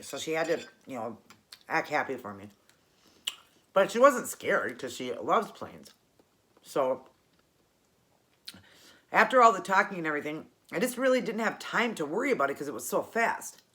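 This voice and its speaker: A woman's voice: sits low, a bit bright. A woman hosting her own channel, telling a personal story in a chatty, rambling way and correcting herself as she goes. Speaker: cooking channel host.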